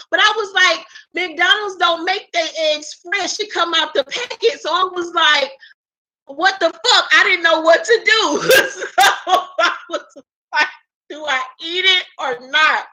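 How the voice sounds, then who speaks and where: A woman's voice: extremely high pitch, lively intonation, unhurried, sharp tone, poor audio. A woman vlogger telling a casual storytime, slangy and profane, often laughing as she talks and quoting her own thoughts. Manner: quotes herself in her inner voice.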